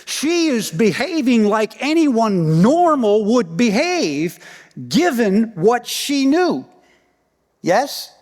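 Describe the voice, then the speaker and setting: Slow-speaking pastor in a reverberant sanctuary. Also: male voice, extremely high pitch, very animated. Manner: storytelling, swinging from loud emphasis down to near-whispers; repeats key phrases for emphasis. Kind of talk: sermon. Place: church sanctuary.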